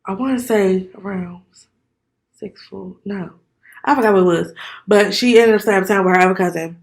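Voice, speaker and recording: A woman's voice: medium pitch, normal speed. A young woman co-hosting a podcast, telling stories in blunt, profane casual chat. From DMV area, US. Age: young adult. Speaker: podcast co-host.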